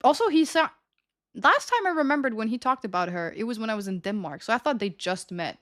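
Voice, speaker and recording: A woman's voice: fairly high pitch, animated, fast, fairly bright tone. Young woman, streamer, casual storytelling, giggly, chatty. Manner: giggly, chatty, laughs often.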